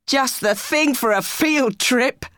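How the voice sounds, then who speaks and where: A woman doing a calm schoolboy. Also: sits high, takes it slowly, no echo, clean studio sound, pitched above the performer's own voice. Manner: calm and level.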